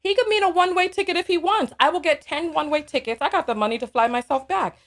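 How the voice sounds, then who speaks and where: A woman hosting a live call-in stream, reading viewer messages aloud and commenting in an animated, sassy way. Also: high-pitched. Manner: animated, sassy, quick to laugh. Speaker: live call-in show host.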